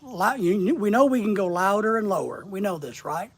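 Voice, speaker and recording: A man's voice: high voice, expressive, normal speed, slightly rough. Middle-aged guy, bit of a southern accent, rambling casual livestream coaching, plain talk. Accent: slight Southern US. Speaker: online business coach.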